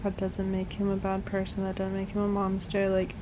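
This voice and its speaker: A young woman vlogging her reactions to a novel in casual, animated, exasperated commentary. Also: mid-range voice, a little fast, background noise. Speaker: book vlogger.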